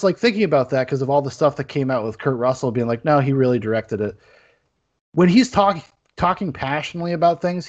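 A man's voice: medium pitch, darkish tone. A man hosting a casual movie review podcast, rambling with lots of fillers and restarts. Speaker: podcast host. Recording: dull lo-fi podcast audio.

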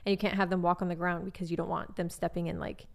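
A woman's voice: lowish voice, little pitch movement, quick pace, gravelly. A woman in her twenties co-hosting a podcast, chatting casually, giggling and acting out other people's voices as she tells stories. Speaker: podcast co-host. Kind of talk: casual chat.

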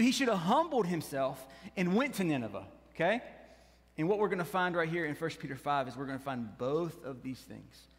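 A man preaching with a high, lifted voice, his words trailing off into a long hall reverb. He swings from loud rising appeals to quiet dropped asides and keeps putting questions to the congregation. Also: normal speed. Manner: animated preaching that rises and drops, with asides to the congregation. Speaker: pastor. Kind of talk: sermon.

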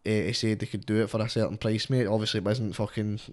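A man's voice: lowish voice, little pitch movement, fast. A young man with a Scottish accent, chatting casually as a guest rapper, rambling and swearing, with "mate" in nearly every line. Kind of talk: casual podcast chat.

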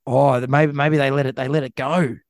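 A man's voice: mid-range voice, little pitch movement, a little fast, dry recording, clean studio sound. A man, a vet co-hosting a casual chat show, joking and often stumbling over his words. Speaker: veterinarian co-host.

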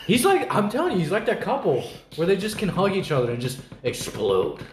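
Loud teasing man, lively high voice. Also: brisk, slight background noise. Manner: teasing, animated, loud bursts of laughter. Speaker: podcast co-host. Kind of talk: casual chat. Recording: echoey room.

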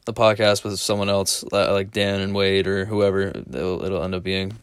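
A man's voice: sits low, little pitch movement, normal speed, clean tone, no echo. A young man telling crude, self-deprecating stories in a casual solo podcast, rambling and laughing. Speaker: solo podcaster and store clerk.

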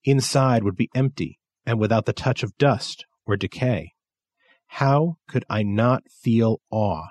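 A man narrating a science fiction story in a measured, steady reading style. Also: medium pitch, dry recording. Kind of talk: scripted narration.

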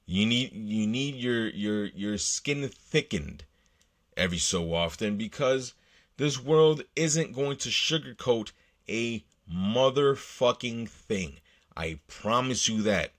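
A man's voice: medium pitch, expressive, slow, fairly bright tone. A man in a mid-range voice, hosting his own show and talking on his own. He rambles and swears freely, restarting sentences and leaning on fillers as he works through his thoughts. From United States. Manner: rambling, profane, with frequent restarts. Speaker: podcast host. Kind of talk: casual solo monologue.

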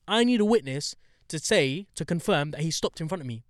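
A young man telling a story in casual chat, animated, swearing and getting heated as he talks. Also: fast talker, hardly any pauses, dry recording, clean studio sound. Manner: animated storyteller, swears, gets heated and high when indignant.

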